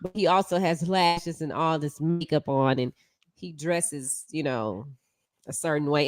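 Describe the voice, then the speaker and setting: A woman on a talk show panel in a casual debate, explaining her point in a measured way. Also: deep voice, no room sound, studio quality.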